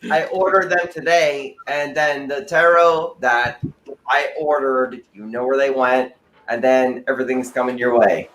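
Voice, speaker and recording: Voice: medium pitch, steady tone, measured pace, fairly bright tone, poor audio. A brash person in a casual chat among friends, swearing freely.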